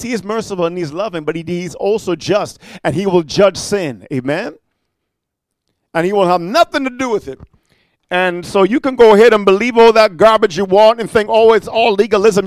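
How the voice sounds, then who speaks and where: High-voiced man preaching a fiery sermon. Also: dry recording. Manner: punchy rhetorical questions, repeated "amen" and "huh"; swings from quiet storytelling to loud rebuke.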